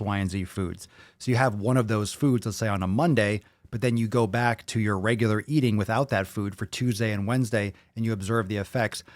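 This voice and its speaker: A man's voice: fairly low pitch, no echo, clean studio sound. Blunt, profane man on a podcast. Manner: blunt and profane, reacting to viewer comments. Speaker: podcast host reading comments. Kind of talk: casual chat.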